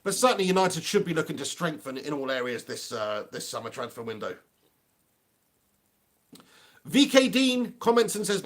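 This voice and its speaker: A man's voice: a little high, very animated, moderate pace, long pauses, fairly bright tone. A man hosting a live fan stream, talking passionately in a rambling way and often restarting his sentences. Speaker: fan channel host.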